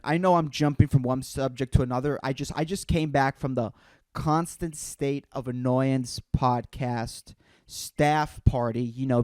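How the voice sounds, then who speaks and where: A man's voice: medium pitch, no room sound, studio quality. A man hosting a solo podcast, rambling from topic to topic in a sardonic, profane way and calling everyone "dude". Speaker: podcast host. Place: indoors in front of a green screen.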